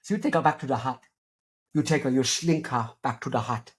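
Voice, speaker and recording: A woman's voice: extremely low pitch, a little fast. A woman podcast host telling a rambling, absurd comic story, often stopping to correct herself and drift onto side points. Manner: tangential, self-correcting, jokey absurd riffing.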